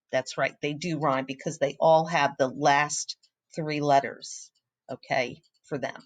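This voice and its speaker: A woman with a low voice teaching a recorded phonics lesson. She speaks slowly and patiently, and she often pauses to encourage her pupils.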